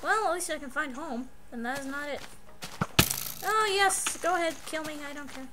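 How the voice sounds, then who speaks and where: A woman co-hosting a gameplay commentary, excitable, yelling and swearing at the game. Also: sits high, moderate pace, pauses often. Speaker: let's play co-host. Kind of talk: gaming commentary. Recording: loud background hiss.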